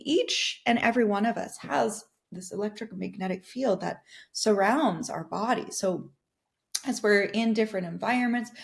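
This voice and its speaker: A middle-aged woman hosting a wellness podcast, talking in an earnest and casual way at a middle pitch. She often restarts her phrases and slips in soft laughs while she explains calm breathing to her listeners. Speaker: podcast host and wellness coach. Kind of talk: casual teaching talk.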